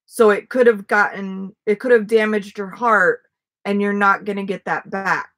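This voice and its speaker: A woman's voice: mid-range voice, fairly even intonation, normal speed, fairly bright tone. Chatty woman rambling in a front yard. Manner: rambling, chatty, many fillers and restarts. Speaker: vlogger. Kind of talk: casual livestream chat.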